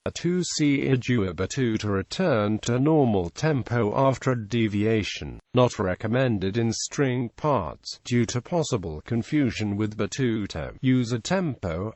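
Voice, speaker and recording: A computer-generated man's voice reading out an encyclopedia article in an even, mechanical way. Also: lowish voice, no room sound.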